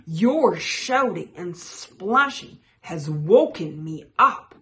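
A hungry storybook swamp predator growls out its threats, as a woman reading aloud puts it on. Its voice is slow and bright, and its pitch rises and falls in a lively way. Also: exaggerated voice. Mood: menacing. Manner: menacing growl.

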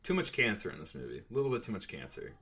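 A man's voice: on the low side, big pitch swings, very fast, a bit bright, husky. A man co-hosting a podcast, chatting casually and reacting eagerly about a horror film. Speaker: podcast co-host. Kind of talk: casual movie review chat.

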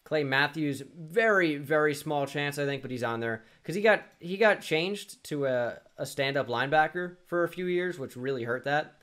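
A man's voice: fairly high pitch, moderate pace, hardly any pauses, a bit bright. A young man thinking aloud through a sports quiz, muttering, restarting and mocking himself. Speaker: gaming YouTuber. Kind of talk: casual self-talk while playing a sports quiz.

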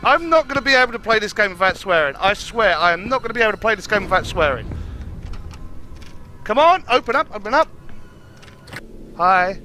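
A man's voice: high voice, big pitch swings, brisk, long pauses, bright, forceful tone, faint music behind. A young man streaming a horror game live, swearing constantly and yelping at every scare. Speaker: gaming streamer.

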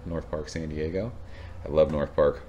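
Deep-voiced man from Southern California, thirties, chatty home beer-review vlogger, rambles, gets excited, swears casually. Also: moderate pace, dull audio, a little hiss or hum.

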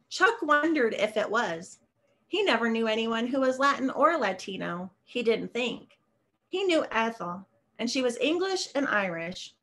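A woman reads her own short story aloud in a measured, steady voice that sits a little high. She was recorded over a video call during a literary reading.

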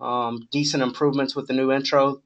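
Relaxed man coaching a sales agent. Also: medium pitch, fairly quick, muffled recording. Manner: relaxed, encouraging, filler-heavy. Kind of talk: coaching call.

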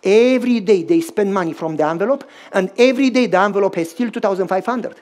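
A man's voice: sits high, fast talker. Romanian-accented male pastor preaching animatedly. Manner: animated, acts out dialogue in shifting voices. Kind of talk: sermon storytelling.

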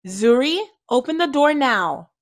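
A gentle mother in a children's cartoon. Her voice sits a little high, and she speaks in a soothing, reassuring way. When her kids need it, she is calm but firm. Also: a little slow. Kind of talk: animated children's story dialogue.

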